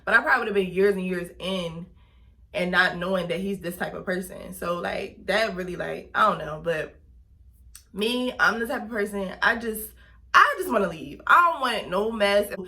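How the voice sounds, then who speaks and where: Young woman vlogger, bright tone, chatty storytelling. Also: medium pitch, moderate pace. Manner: chatty, lots of fillers, animated retelling. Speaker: vlogger and lash artist. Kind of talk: casual storytime vlog.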